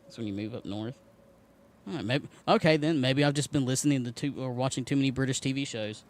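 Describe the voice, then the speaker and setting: A man with a Southern US accent streams a game live, chatting casually and joking, talking both to his cat and to chat. His voice is medium-pitched, with a quick pace.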